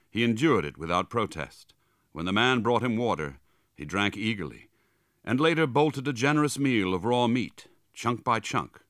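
A man reading a story aloud in a lower register, his delivery dramatic and vivid with a wide, lively swing of pitch. His tone is bright and forceful in a close, dry recording. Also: dry recording. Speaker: audiobook narrator. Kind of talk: scripted narration.

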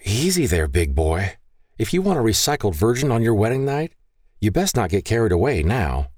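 A man's voice: lowish voice, very animated, darkish tone, no echo, studio quality, voice pushed up. A man voicing a playful, petite young woman about to be married, with a sassy, teasing manner. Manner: sassy, quick retorts.

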